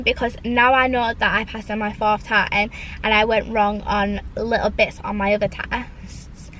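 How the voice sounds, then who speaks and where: A woman's voice: mid-range voice, fairly bright tone, slight background noise, low-quality recording. A young woman chatting casually in her parked car, rambling with lots of "like"s. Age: young adult. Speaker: vlogger. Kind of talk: casual chat.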